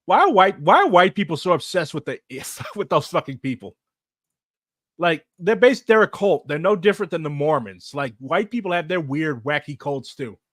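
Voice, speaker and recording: Man, casual Q&A host, sarcastic and profane, animated delivery, dry close sound. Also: a little high, moderate pace, no room sound. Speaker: streamer answering viewer questions. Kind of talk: casual chat.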